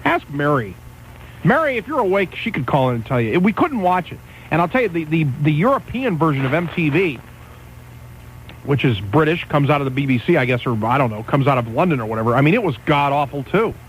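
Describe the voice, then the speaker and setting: A man's voice: a little high, sing-song, a little fast, a little hiss or hum, poor audio. A man hosting a talk radio show, ranting and rambling in casual banter. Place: radio studio.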